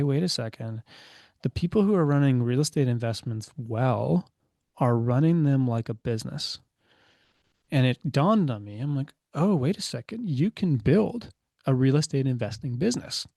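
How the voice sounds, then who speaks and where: A man's voice: mid-range voice, mellow, no echo, studio quality. A man in his thirties, a podcast guest telling stories casually, full of fillers and acting out quoted dialogue. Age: 30s. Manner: chatty, many fillers, acts out quoted dialogue. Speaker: podcast guest, business owner. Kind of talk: casual storytelling interview.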